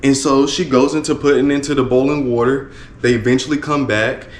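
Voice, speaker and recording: A man's voice: medium pitch, steady tone, fairly quick. A man working as a motivational speaker, telling a story in an earnest, repetitive way with many restarts. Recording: roomy echo with faint ambience.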